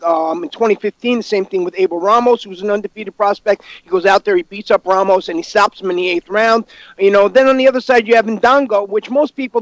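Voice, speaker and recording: Guy w a pretty high voice breaking down fights, lots of you knows, dry sound. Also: no room sound, rough recording. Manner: fact-heavy, full of "you know" fillers. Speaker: guest boxing analyst. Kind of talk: casual call-in commentary.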